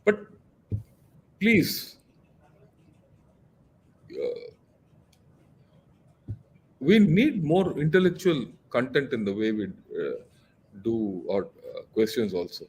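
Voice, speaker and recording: A man's voice: mid-range voice, lively intonation, takes it slowly, pauses often, a little mellow, slightly rough. An older man talks through geopolitics in a lecturing way, pressing his points hard. He stops and restarts often with plenty of "uh" and "you know", and his voice sits in a plain middle register. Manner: lecturing, emphatic, many fillers and restarts. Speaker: retired army general, guest analyst. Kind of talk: casual discussion.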